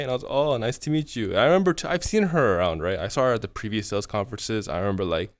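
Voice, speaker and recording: A man's voice: lowish voice, a little fast, no echo. Casual swearing man telling a story. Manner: rambling, swearing, frequent "right?" fillers. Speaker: streamer.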